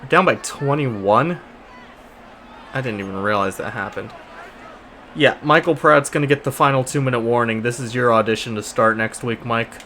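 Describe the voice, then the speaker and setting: A man narrating his football video game in a casual, exasperated running commentary, groaning at his own team's mistakes. His voice sits at an ordinary middle pitch, and there is a steady hiss of noise behind him throughout. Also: fairly quick. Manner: exasperated, sarcastic play-by-play with frequent restarts. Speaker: gaming YouTuber.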